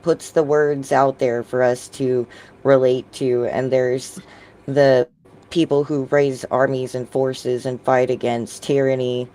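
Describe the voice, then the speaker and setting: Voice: mid-range voice, level tone, takes it slowly, mellow. A podcast host talking casually with many fillers, meandering through ideas over an online voice call. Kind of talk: casual discussion.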